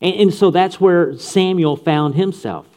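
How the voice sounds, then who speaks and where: A man's voice: sits high, a little slow, a little mellow. A man preaching a sermon with punchy humor and repeated phrases for emphasis. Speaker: pastor.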